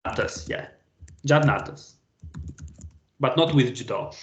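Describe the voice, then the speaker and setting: A man's voice: medium pitch, animated, slow pace, roomy sound, dull audio. A man teaching an online language class, patiently quizzing students by name on a video call.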